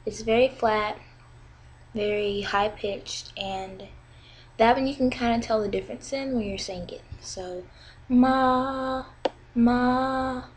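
Slow, careful woman teaching. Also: mid-range voice, fairly even intonation, slight background noise, low-quality recording. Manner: slow and careful, drawing out example sounds. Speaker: language teacher. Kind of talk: casual video lesson.

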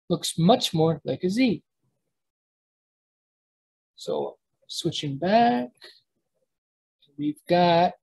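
Unhurried, breathy-voiced online tutor, halting and explanatory. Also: medium pitch, darkish tone. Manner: explanatory, halting, with frequent restarts and checks. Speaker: language teacher. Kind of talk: live online lesson with screen sharing.

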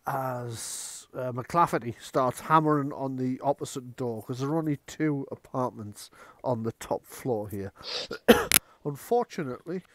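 A man's voice: medium pitch, no room sound. A man running a tabletop horror game as game master, chatty, with many fillers and restarts.

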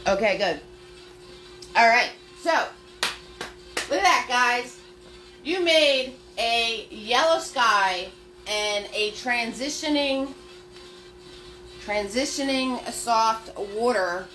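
A woman's voice: on the high side, slow pace, pauses often, sharp tone, faint music behind. Chatty woman teaching a painting stream. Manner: chatty, upbeat, talks viewers through steps. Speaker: paint party instructor. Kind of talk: live-streamed painting lesson.

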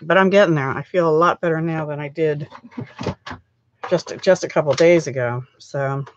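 A woman's voice: sits low, moderate pace, muffled recording. A middle-aged woman hosting a live crafting stream, chatting in a rambling way as she works, her throat still scratchy from a cold. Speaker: craft channel host.

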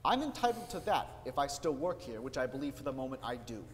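A man's voice: mid-range voice, very animated, fast talker, close to an everyday voice. A man acting live on stage as a desperate aging salesman who stammers, pleads and flares into anger. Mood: bitter. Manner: wheedling, stammering, bursts of anger. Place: theater stage. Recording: roomy hall, faint noise.

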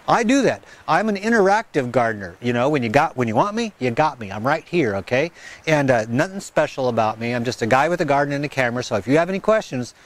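This gardening channel host has a medium-pitched voice with big pitch swings and a quick pace. Out in a windy garden, speaking into a wireless mic with a fuzzy windscreen, he rambles chattily through a casual vlog, laughs at himself, and slips into sing-song baby talk with his dog.

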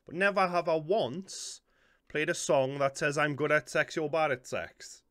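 A man's voice: fairly high pitch, measured pace, a bit bright, no room sound, studio quality. A man with a Geordie accent, hosting a casual reaction video, rambling and joking at his own expense, and tired. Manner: joking, self-deprecating, rambling.

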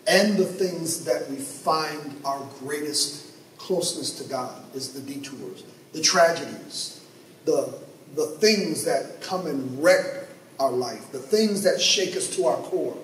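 A male pastor preaching a sermon and telling a story, his voice climbing and dropping sharply for dramatic effect. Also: on the high side. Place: church sanctuary. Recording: echoey church, mic at a distance, faint noise.

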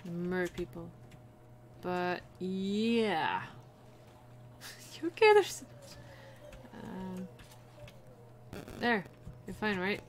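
A woman giving playful, chatty commentary while playing a video game, breaking into sudden high excited squeals. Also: extremely slow, long pauses.

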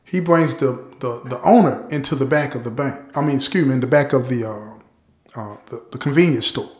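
Male storyteller, casual and direct, mid-pitched, roomy echo. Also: normal speed. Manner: conversational, addresses listeners directly. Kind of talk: casual true-crime storytelling.

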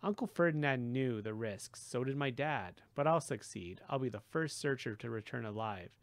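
A man voicing a gentle, idealistic young male satyr who talks mournfully and turns indignant. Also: mid-range voice, animated, moderate pace, no room sound, lightly acted. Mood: earnest.

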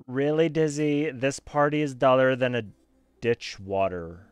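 A man's voice: mid-range voice, a little slow, clear, resonant tone, dry recording, soft background music, voice pushed up, natural voice. A man voicing a chatty, scheming male party guest in a put-on Australian accent, with an exaggerated sing-song delivery.

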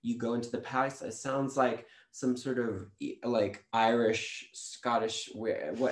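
A man who is a guest on a podcast, telling stories about his spiritual practice in a lively way and acting out quotes. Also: medium pitch, unhurried, hardly any pauses, reverberant. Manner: animated storytelling, acts out quotes. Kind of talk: casual spiritual chat.

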